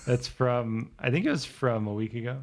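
A man's voice: medium pitch, normal speed. A man co-hosting a podcast in casual chat, mostly giving short reactions and teasing questions.

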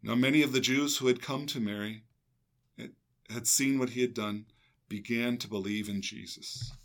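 A man's voice: mid-range voice, fairly even intonation, moderate pace, fairly bright tone. An older man, a priest, reading a gospel passage aloud and then reflecting on it in earnest, meditative talk with a co-host. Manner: earnest, meditative, with some restarts.

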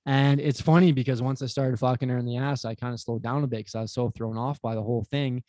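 A man's voice: medium pitch, quick pace, no echo. A young man chats on a podcast with a mid-range voice, recorded dry and close. He tells a crude story in a casual way, with plenty of swearing. He acts out what each person said. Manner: animated, profane, acts out quotes. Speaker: podcast guest.

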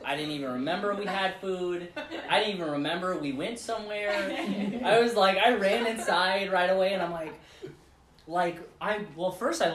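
A man casually telling a long, rambling story to friends, laughing often as he goes. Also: high-pitched. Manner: rambling, animated retelling with laughs. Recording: echoey room.

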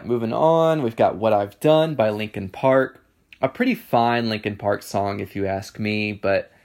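A music reviewer with a mid-range voice offers casual solo commentary on songs. He sounds hesitant and offhand, full of ums and restarts, with a dry sense of humor.

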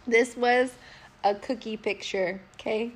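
High-voiced laughing woman storyteller. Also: takes it slowly. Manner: animated storyteller, laughs often, swears freely. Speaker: podcast co-host. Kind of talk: casual chat.

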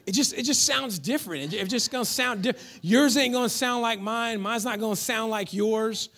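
A man preaching a sermon as pastor, animated and telling stories, now and then rising to a shout. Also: very high-pitched, moderate pace. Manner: animated, storytelling, breaks into shouts.

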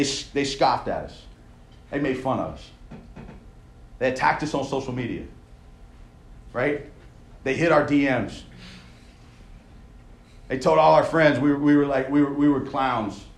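A man's voice: medium pitch, slow pace, pauses often, slight background noise. A man preaching a sermon in a church auditorium, talking conversationally and checking in with the crowd with "right?" as he builds his points with repeated phrases. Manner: conversational, tags lines with "right?". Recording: echoey room sound.

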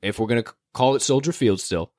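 A man's voice: medium pitch, fast, a little mellow, no echo, clean studio sound. A young man from the Chicago area hosting a sports betting podcast in a casual, upbeat, hype-filled way. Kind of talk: casual chat.

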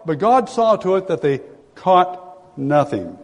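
A man's voice: high-pitched, very animated, slow pace. A man preaching a sermon, retelling a story with emphasis and often repeating his key phrases. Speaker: pastor. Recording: long hall reverb.

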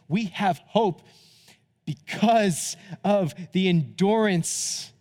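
Earnest male pastor, high voice, hall echo. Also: measured pace. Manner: earnest, rising to impassioned appeals, then quiet and hushed in closing. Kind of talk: sermon.

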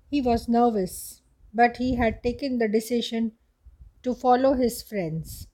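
Slow, high-voiced woman telling a story. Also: darkish tone, low-quality recording. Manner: slow, careful reading aloud. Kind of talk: storybook narration.

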